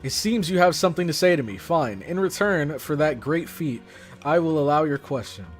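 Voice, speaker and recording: Guy doing a snooty pharaoh king from a game, cold and slow, a bit lower than his own voice, faint music behind. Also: animated, lightly acted. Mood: haughty. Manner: haughty, cold, deliberate. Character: proud, arrogant pharaoh king, male adult. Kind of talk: reading game dialogue aloud.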